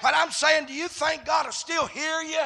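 A man preaching a sermon, swinging from quiet murmurs to shouted, chanted climaxes. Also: extremely high pitch, fairly even intonation, normal speed, vocal fry.

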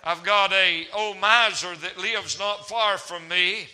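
Male evangelist, very high bright voice, folksy sermon delivery, church hall reverb. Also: fairly even intonation, slow pace. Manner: folksy preaching with humor and rising emphasis. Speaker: evangelist preacher.

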